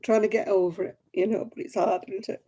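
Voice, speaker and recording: Middle-aged British woman hosting a homely stream, friendly chatter to viewers, soft husky voice. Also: mid-range voice, fairly even intonation, a little fast. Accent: British English. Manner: chatty, greeting viewers by name. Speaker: livestream host. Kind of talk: casual live-stream chat.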